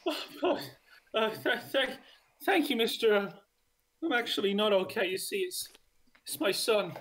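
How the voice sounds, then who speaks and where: A man's voice: high-pitched, expressive, normal speed, a bit bright, voice pushed up. A man voicing an anxious small human father in a tabletop game, stammering and pleading in a raised voice. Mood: panicked pleading.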